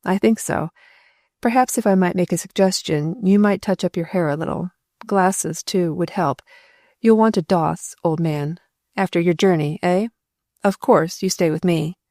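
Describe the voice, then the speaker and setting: Woman playing excitable gentleman, effusive, jovial, mellow tone, dry close read. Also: on the low side, moderate pace, no echo, lightly acted. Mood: affectionate. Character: excitable male gentleman friend, hearty.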